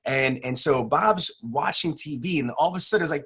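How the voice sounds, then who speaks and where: A man's voice: on the high side, animated, brisk, few pauses, fairly bright tone, slightly rough. A man chatting on a podcast and telling a joke, talking directly and animatedly about car sales. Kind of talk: casual podcast chat.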